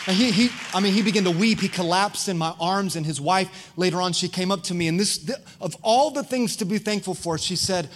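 A man's voice: high-pitched, fairly quick, few pauses. A man preaching a sermon as pastor, telling stories with energy and calling out to the congregation. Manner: preaching with crowd call-outs; animated storytelling.

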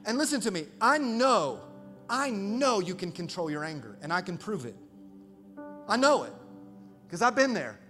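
A man in his thirties preaching a sermon as pastor, energetic and animated, calling out to the congregation. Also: high voice, normal speed. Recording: reverberant hall, faint music behind.

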